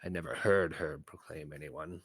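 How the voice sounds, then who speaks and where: A man's voice: rumbling low, fairly even intonation, normal speed, fairly bright tone, slightly rough, no room sound, heavily acted. A man voicing a sulky, short-tempered young creature ruler who grumbles and snaps, in a storybook reading. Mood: sulky, grumbling.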